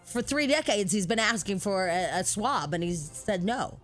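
A woman co-hosting a talk show, chatting casually and telling celebrity gossip in an animated storytelling way. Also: medium pitch, normal speed, faint music behind.

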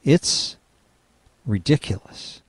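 A man's voice: slow, no echo. A man hosting a call-in talk radio show, chatting with and reacting to callers. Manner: conversational, agreeable, reacting to callers.

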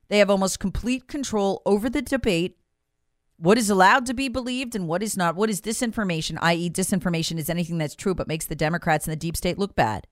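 A woman's voice: mid-range voice, no echo, studio quality. A woman hosting a talk show, giving an emphatic, sarcastic political commentary monologue and repeating words for emphasis. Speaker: talk radio host.

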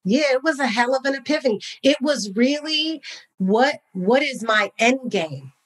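A woman from Napa, California, a guest in a casual interview, talking in an animated, enthusiastic way with lots of "like" fillers. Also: high voice, moderate pace, low-quality recording. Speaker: podcast guest, wine entrepreneur.

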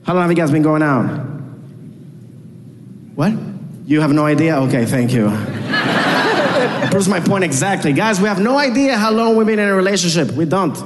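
Venezuelan-accented male stand-up, fairly high voice, echoing club hall, audience murmur behind. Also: very animated, normal speed, long pauses. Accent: Venezuelan Spanish. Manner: punchy, repetitive joke delivery to a crowd. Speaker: stand-up comedian. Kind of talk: stand-up comedy set. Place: comedy club stage. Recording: reverberant hall with audience noise. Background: live audience.

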